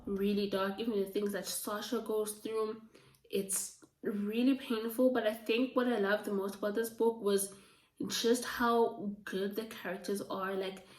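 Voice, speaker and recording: A woman chatting casually about books she has read, gushing and full of fillers, her voice going a little hoarse. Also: mid-range voice, little pitch movement, unhurried, darkish tone. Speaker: book reviewer. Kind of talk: casual book review chat. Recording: roomy, from a distance.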